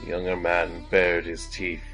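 A man reads dramatic fiction in a deep, unhurried voice. His delivery is measured and deliberate. Faint guitar music plays beneath him. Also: monotone, rough recording. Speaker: story reader. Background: soft guitar music.

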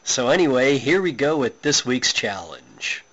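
A man reading his own comic short story aloud with a wry, deadpan delivery. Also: medium pitch, unhurried, dull audio.

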